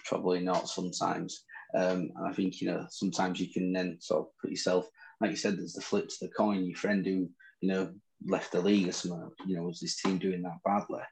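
A man's voice: sits low, little pitch movement, a little fast, vocal fry, a little mellow, rough recording. A man with a Northern English accent, co-hosting a chat podcast and trading boastful, teasing banter. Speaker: podcast co-host. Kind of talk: casual chat about fantasy football.

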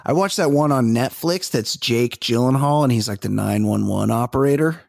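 A man's voice: medium pitch, moderate pace, vocal fry, darkish tone, dry recording. Male co-host, mid-range voice, casual rambling banter, dry close recording. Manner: rambling, trails off while recalling names. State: recovering from a finger injury. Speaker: podcast co-host. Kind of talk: casual comedic chat.

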